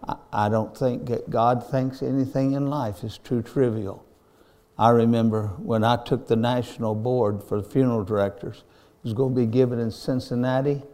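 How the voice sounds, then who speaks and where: Older preacher guy telling stories in a sermon, folksy, mellow warm voice. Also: medium pitch. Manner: folksy, earnest testimony. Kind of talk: storytelling sermon.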